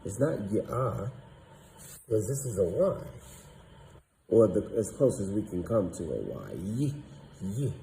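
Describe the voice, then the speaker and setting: A man teaching a lesson, slowly sounding out syllables and thinking aloud. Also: fairly low pitch, very animated, vocal fry, dark tone, slight background noise, poor audio. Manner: slow and deliberate, sounding out syllables; thinking aloud, doubting himself. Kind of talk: explaining at a whiteboard.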